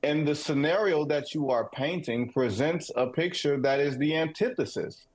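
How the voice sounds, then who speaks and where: A man's voice: a little high, moderate pace, a little mellow. A man from Detroit co-hosting a casual sports talk show, emphatic and guarded, repeating short phrases. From Detroit, United States. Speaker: co-host.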